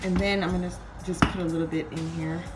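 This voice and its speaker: A woman's voice: fairly low pitch, level tone, fast talker, loud music behind the voice. Chatty woman cooking and talking. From California. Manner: chatty, addresses viewers as "y'all". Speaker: cooking vlogger. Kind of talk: casual cooking chat.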